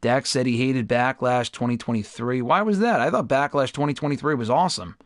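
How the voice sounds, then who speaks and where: A young male game streamer speaks at medium pitch and a slightly quick pace, his audio clean, studio-quality and echo-free. Casual commentary with viewers turns profane as he swears at the game and erupts in loud frustration.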